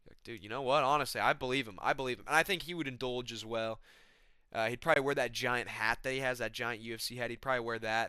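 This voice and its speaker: A man's voice: medium pitch, sharp tone, clear, resonant tone, no room sound, studio quality. A young man telling a casual, comedic vlog story in slangy talk full of "bro" and "man". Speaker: YouTuber, MMA commentator.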